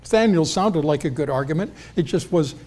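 A man's voice: lively intonation, brisk, a little mellow. A man preaching an expository sermon in a conversational way, acting out the quoted lines. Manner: conversational, acts out quotes with rising pitch.

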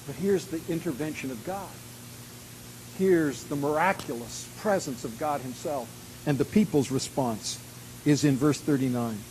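A man preaching a sermon, reading scripture dramatically, slowing down and rising in volume on key lines, then dropping to a quiet, intimate tone. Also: on the high side, a little hiss or hum, rough recording. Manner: dramatic, slows and rises to a shout on key lines. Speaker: pastor.

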